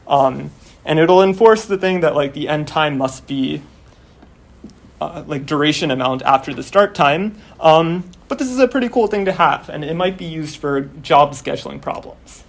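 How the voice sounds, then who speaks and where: A young man lecturing in a classroom, his voice sitting a touch higher than most men's. He explains things step by step in a loose, casual way, leaning on "um" and "like". His voice is starting to wear out. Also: lively intonation, moderate pace, gravelly. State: losing his voice. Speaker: course instructor. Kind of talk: university lecture.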